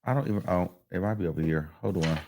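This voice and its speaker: A man hosting a casual commentary stream, talking in a chatty, animated and profane way, with lots of fillers. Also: deep voice, quick pace, creaky, background noise. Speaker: host.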